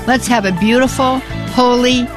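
A woman's voice: a little high, normal speed, over music. A woman hosting a Catholic call-in radio show, effusive and full of praise, thanking callers. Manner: warm, effusive, repeats praise words. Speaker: radio host.

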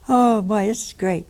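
A woman preaching a sermon, teasing her listeners and acting out the people in her stories. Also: fairly high pitch. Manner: teasing, animated storytelling with quoted voices. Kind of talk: sermon with storytelling.

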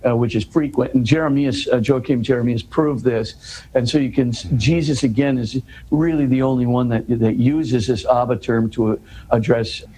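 An earnest man explains scripture in an interview in an explanatory, conversational way, his warm, mellow voice at an ordinary pitch with a steady tone and normal speed. He loops back over words, checks in with "you know" and "right?", and lifts into emphatic questions. The rough recording carries a faint background hum.

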